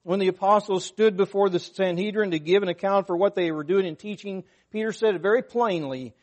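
Emphatic male preacher, slightly high voice. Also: fairly quick, few pauses, darkish tone. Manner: earnest, emphatic, rises on scripture quotes; unscripted, talks to the congregation. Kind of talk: sermon.

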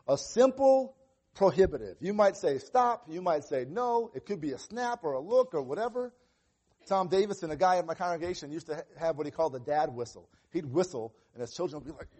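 Earnest pastor, man with a higher voice. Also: warm tone. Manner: earnest, acts out little dialogues with children. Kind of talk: sermon on parenting.

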